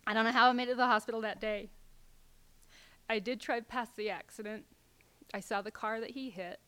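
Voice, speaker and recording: A middle-aged woman telling a personal story to an audience, halting and filler-heavy, sometimes dropping to a near whisper. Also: a little high, fairly even intonation, pushed and bright, clear, resonant tone.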